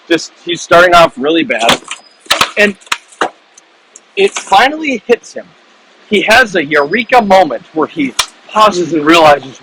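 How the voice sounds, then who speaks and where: A man, an author, casually retelling the plot of his own book in animated, rambling storytelling full of restarts. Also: sits high, slow pace, long pauses, a little hiss or hum, rough recording.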